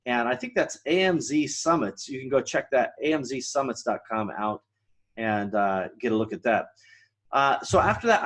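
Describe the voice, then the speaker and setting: A man hosting his podcast alone, talking casually with lots of fillers and restarts. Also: medium pitch. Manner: rambling, many fillers and restarts. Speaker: podcast host. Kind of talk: casual solo podcast monologue.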